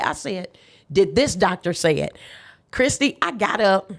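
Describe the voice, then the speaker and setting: A woman, here as a guest chef, retells a personal story emphatically and with faith during a casual interview, laughing often and voicing the people she quotes. Her mid-range voice is creaky and sing-song, and she takes her time.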